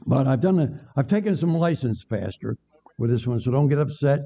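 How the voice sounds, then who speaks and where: Expressive and fairly quick, this older man's medium-pitched voice is warm and breathy with vocal fry. As a guest preacher, he gives a chatty sermon full of jokes, bantering with the congregation in a dull, echoey church recording.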